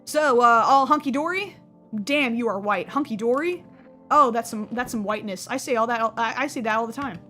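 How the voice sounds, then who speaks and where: A woman's voice: on the high side, fairly quick, bright, forceful tone, faint music behind. A young woman streaming a game, chatting casually, joking and correcting herself as she goes. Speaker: gaming streamer. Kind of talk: casual let's-play commentary.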